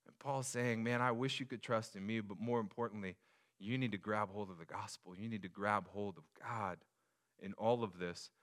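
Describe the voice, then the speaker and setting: A man in his thirties, a pastor preaching a sermon, telling a family story with lively acted-out voices. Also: on the low side, moderate pace. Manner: animated storyteller, acts out voices. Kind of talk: sermon with personal stories.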